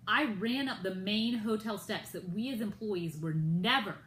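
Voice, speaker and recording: Woman from the US, storytime vlog, indignant retelling, mid pitch, echoey room. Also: unhurried, fairly bright tone, a little hiss or hum. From United States. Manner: indignant retelling, quoting others in raised voices. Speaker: vlogger.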